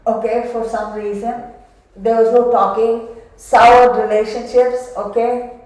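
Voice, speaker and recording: A congested woman giving a casual tarot reading, chatty and dramatic. Her voice is mellow and dark. It rings out in a very echoey room. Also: on the high side, flat delivery, unhurried. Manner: chatty and dramatic, addresses viewers as y'all. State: congested from a cold. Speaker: tarot reader.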